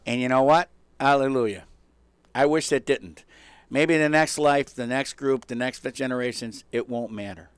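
A male radio talk show host telling a story in a casual, animated way, chuckling and acting out the people in it. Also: mid-range voice, normal speed, smooth, dry recording.

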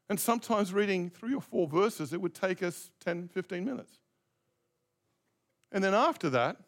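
A man's voice: high voice, gravelly. A middle-aged male pastor preaching a reflective, conversational sermon, asking his congregation direct questions.

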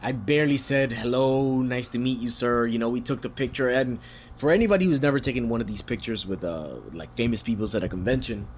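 A man casually telling a story, swearing often, laughing and jumping into high voices to quote people. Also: fairly quick, a little hiss or hum.

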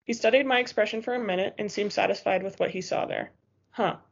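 A woman's voice: medium pitch, fairly even intonation, quick pace, vocal fry, slightly rough, highs cut off. A woman narrating a first-person novel as an audiobook, in a tense, urgent storytelling manner.

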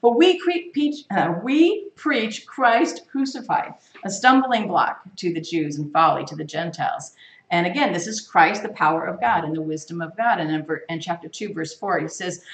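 A woman's voice: fairly low pitch, animated, normal speed. A woman leading a Bible study, teaching in an emphatic sermon style full of rhetorical questions. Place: church. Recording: echoey room, mic far off.

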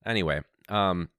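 Animated man telling a rambling story. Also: clear, resonant tone, dry recording, studio quality. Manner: animated, rambling, laughs, sudden incredulous high outbursts. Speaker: podcast host and teacher. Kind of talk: casual storytelling podcast. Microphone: podcast microphone.

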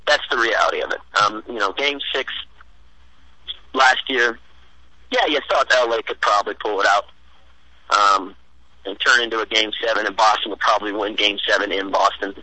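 A man's voice: on the low side, normal speed, long pauses, no echo. Teasing man on a tinny phone line. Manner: relaxed, teasing, rambling analysis. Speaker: caller, sports fan. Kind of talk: casual sports chat.

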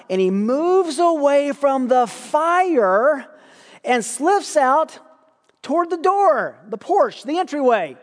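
A guest preacher giving a sermon, telling the story in a lively way and acting out quoted lines. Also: male voice, sits high, in a large hall.

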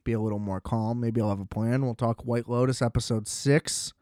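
A man's voice: medium pitch, fairly even intonation, a little fast, a little mellow, no echo, studio quality. A young man hosting a solo podcast, ranting in a casual, profane, exasperated way and leaning on filler words. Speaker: podcast host.

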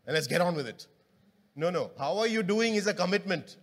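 In a reverberant church hall, a man with a high voice, lively intonation, and a bit of brightness preaches fairly quickly. His sermon is conversational, full of questions aimed at the congregation.

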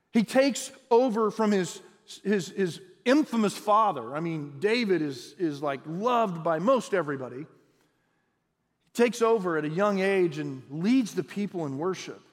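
A male pastor preaches in a notably high voice, speaking in an animated, chatty way with repeated restarts and light jokes. His sermon rings with a long reverb, as in a large hall. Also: measured pace.

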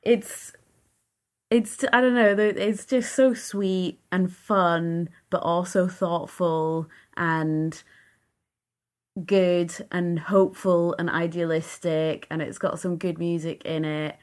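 A woman with a fairly low voice, chatting about films on a podcast. She sounds enthusiastic and giggles between her points. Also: steady tone, takes it slowly, darkish tone. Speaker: podcast co-host. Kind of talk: casual film chat.

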